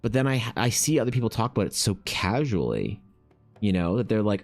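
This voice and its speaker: A low-voiced man chats loosely while he paints, ranting and swearing as he goes. His voice sits deep, and faint music plays behind him. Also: fairly quick. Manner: swearing, animated, rants. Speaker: artist streamer. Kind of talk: casual rambling chat while painting.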